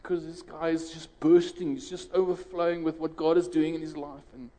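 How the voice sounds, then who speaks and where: A man's voice: on the high side, steady tone, fairly quick, warm tone, long reverb tail, poor audio. A South African man preaching a sermon and leading prayer in a conversational way, restarting phrases and rising sharply when he quotes others.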